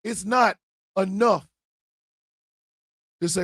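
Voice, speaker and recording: A man's voice: high voice, very animated, unhurried, vocal fry, breathy edge, no room sound, clean studio sound. A man hosting an internet radio livestream, delivering a fiery, emphatic monologue. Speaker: internet radio co-owner and host.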